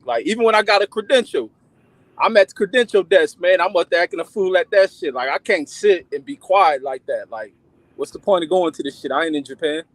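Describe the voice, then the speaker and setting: A man who commentates boxing, chatting in an excitable, profane, slangy way. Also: sits high, fast, dry recording. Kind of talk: casual chat.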